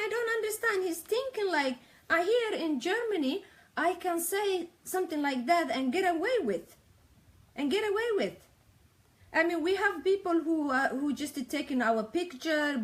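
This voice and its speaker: High-voiced woman live streaming from her attic. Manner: agitated, repeats herself. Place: home attic.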